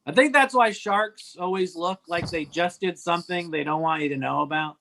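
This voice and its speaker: Man, stand-up comic, high voice, wry rambling delivery, video call. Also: slow, crowd noise. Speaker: stand-up comedian.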